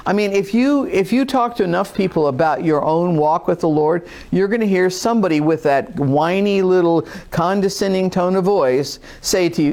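A man's voice: high-pitched, animated, a little slow, darkish tone. A man teaching a conversational Bible lesson, informal and emphatic, repeating points for stress. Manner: acts out a whiny skeptic voice at times.

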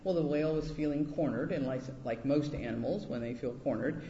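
A man preaching a sermon, telling a personal story and acting out quoted voices with lively pitch jumps. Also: brisk, slight background noise. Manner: animated, acts out quotes in high voices. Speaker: pastor. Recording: echoey hall, dull lo-fi sound.

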